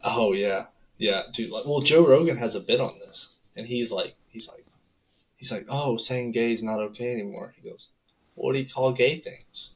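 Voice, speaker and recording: A man's voice: medium pitch, normal speed. A young man in casual podcast chat, telling stories in a laid-back way with lots of fillers. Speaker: podcast co-host. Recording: dull lo-fi mic.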